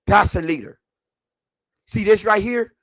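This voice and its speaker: A man's voice: high voice, measured pace, fairly bright tone, dry recording. A man hosting a heated sports talk show, preachy and emphatic, firing off rhetorical questions.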